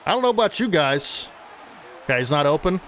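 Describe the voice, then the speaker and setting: A man commentating his own football video game play-by-play, excitable and chatty with his viewers. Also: fairly high pitch, fairly quick, slight background noise. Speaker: gaming channel host.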